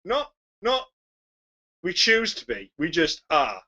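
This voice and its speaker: A loud, chatty man co-hosts a casual podcast and laughs often. His voice is bright and somewhat high, and the recording sounds dull and lo-fi. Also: huge pitch swings, slow. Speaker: podcast co-host. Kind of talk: casual banter.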